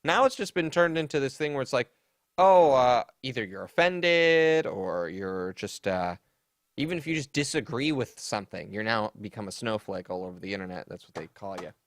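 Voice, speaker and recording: A man's voice: medium pitch, expressive, normal speed, no room sound, studio quality. A man hosting a comedy podcast, chatting casually and mockingly about online drama. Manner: sarcastic, mocking, with sassy put-on voices for quotes. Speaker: podcast host.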